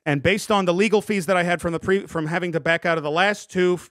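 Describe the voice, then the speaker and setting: A young man streams an improvised comedy bit as a scandal-hit streamer, rambling defensively through restarts and apologies. His high, slightly bright voice moves fast, captured in studio quality with no room sound.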